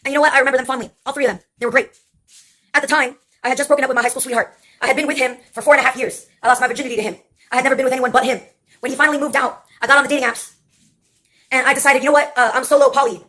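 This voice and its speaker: A young woman in her twenties tells personal stories in a casual vlog. She rambles with a dry, wry tone and pauses on many fillers. Her voice sits on the higher side. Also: fairly even intonation, bright, forceful tone. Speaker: vlogger. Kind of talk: casual storytelling monologue.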